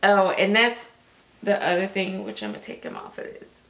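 A woman chatting casually to camera about her reborn dolls, rambling and soft-spoken. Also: medium pitch, fairly even intonation, moderate pace, vocal fry. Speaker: reborn doll collector. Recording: echoey room.

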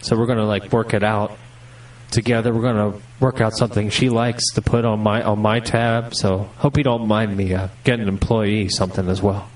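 A man's voice: lowish voice, little pitch movement, a little fast. A man making a prank phone call, pushy and accusing in a mock-offended way. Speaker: prank caller. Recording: distant noisy phone line.

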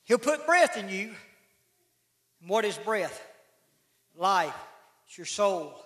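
A middle-aged man preaches. His voice is very high and sharp-edged, and his folksy delivery climbs into shouts. The sound carries the echo of a church sanctuary on a live stream. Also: sing-song, takes it slowly. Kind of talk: sermon. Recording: echoey church livestream.

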